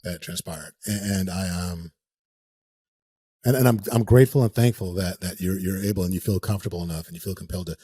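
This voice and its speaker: A husky man in his forties, a podcast guest, talks in an easygoing, joking way. He often pauses and hesitates with fillers. His voice sits fairly low. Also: fairly even intonation, dark tone. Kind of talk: conversational interview.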